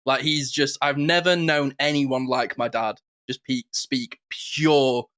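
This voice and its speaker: A man co-hosting a podcast in casual chat, an animated storyteller who slips into quick impressions. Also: mid-range voice. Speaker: podcast co-host.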